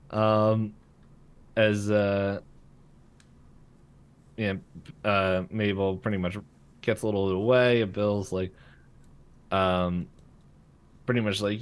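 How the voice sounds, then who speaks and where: A man's voice: on the low side, slow, pauses often, clean tone. Man recapping a cartoon episode. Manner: rambling recap, frequent fillers and laughs. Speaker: podcast co-host. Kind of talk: casual episode recap chat. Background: passing freight train.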